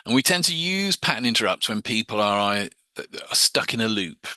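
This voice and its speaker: Explaining hypnosis techniques to a group, this teacher speaks expressively at a moderate pace in a low voice that sounds very bright and forward. He talks casually, often restarting and repeating words. The audio is dry and close-miked, with no surrounding room.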